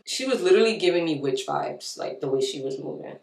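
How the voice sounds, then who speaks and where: A woman's voice: sits low, expressive, brisk, gravelly, few pauses, a little mellow. A young woman vlogger telling a heated story and acting out both sides. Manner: emphatic, heated. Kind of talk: storytime while doing her hair. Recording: echoey room.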